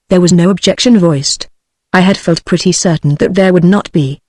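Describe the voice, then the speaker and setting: A text-to-speech voice of a British woman reading a novel aloud in first person, with a steady machine cadence. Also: lowish voice, moderate pace, breathy edge, no echo. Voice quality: synthetic, even machine cadence. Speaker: audiobook narrator.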